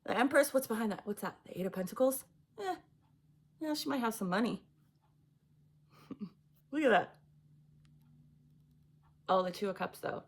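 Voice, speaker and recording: Giggly woman reading tarot, gravelly edge. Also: a little high, animated, normal speed, long pauses. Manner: chatty, giggly, blunt. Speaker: tarot reader.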